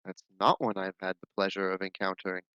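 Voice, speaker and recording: A man playing his character in a tabletop role-play game, explaining things in a measured, scholarly way. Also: sits low, little pitch movement, smooth, no room sound, lo-fi sound.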